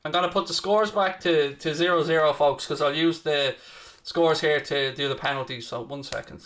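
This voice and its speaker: A man's voice: fairly high pitch, normal speed, fairly bright tone. A young man hosting a live football watchalong, chatting casually and answering viewers by name. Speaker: watchalong host. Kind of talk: live stream commentary and chat.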